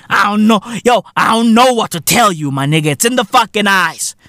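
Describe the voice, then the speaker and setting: A man with hosting a comedy podcast, giving a profane monologue full of "bruv" and "innit" and shouting some bits. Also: high-pitched, lively intonation, moderate pace, dry recording. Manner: profane slangy banter, frequent "bruv" and "innit".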